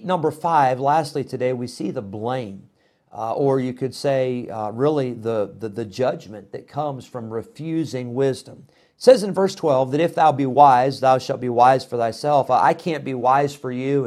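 A middle-aged man preaching a sermon in a folksy, animated way, with frequent fillers and restarts. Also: mid-range voice, a little slow.

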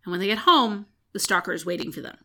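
A woman's voice: mid-range voice, lively intonation, quick pace, bright, forceful tone. A woman co-hosting a podcast, retelling a book's plot in casual chat, with frequent "um" fillers. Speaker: podcast co-host. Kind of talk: casual book recap chat.

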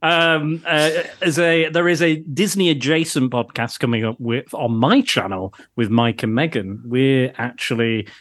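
A man's voice: mid-range voice, a little slow, few pauses, fairly bright tone, dry recording. Friendly man, dry close sound. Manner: friendly, a bit hesitant. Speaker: podcast guest. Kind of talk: casual chat.

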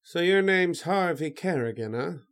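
An actor playing a flustered, indignant mystery writer in a radio drama. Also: male voice, a little high, animated, a little slow. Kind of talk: 1930s radio drama acting.

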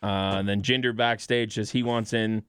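A man hosting a podcast, recapping matches in a steady, matter-of-fact casual chat with fillers. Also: on the low side, moderate pace, clean tone, no room sound, studio quality. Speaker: podcast host.

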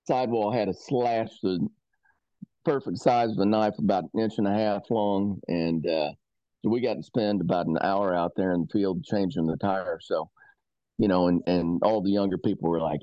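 A man co-hosting a hunting podcast, telling stories in a laid-back, drawn-out way. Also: sits low, steady tone, dry recording. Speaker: podcast co-host. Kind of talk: casual storytelling chat. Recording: dry, slightly dull audio.

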